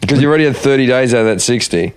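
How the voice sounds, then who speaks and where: A man's voice: mid-range voice, expressive, very fast, clear, resonant tone. An Australian man hosting a podcast, needling his guests with blunt, crude questions. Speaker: podcast host. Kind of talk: crude banter.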